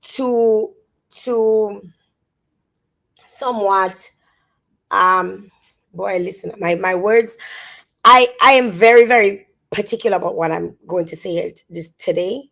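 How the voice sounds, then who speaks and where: A woman with a Dominican accent, talking on a phone live stream. She speaks haltingly and repeats words as she tries to stay composed. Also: mid-range voice, gravelly, fairly bright tone. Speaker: social media influencer. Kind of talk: emotional live-stream monologue.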